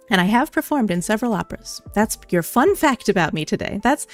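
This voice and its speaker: A young woman VTuber casually answering viewer questions on a livestream, bubbly and giggly, on a studio condenser mic. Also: mid-range voice. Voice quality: giggly, bubbly, self-deprecating. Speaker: VTuber streamer.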